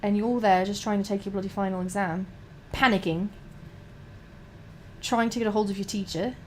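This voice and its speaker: A woman's voice: medium pitch, fairly even intonation, normal speed, a little mellow, slight background noise. A young adult woman streamer, chatting casually and rambling while painting miniatures, swearing a lot and restarting her sentences.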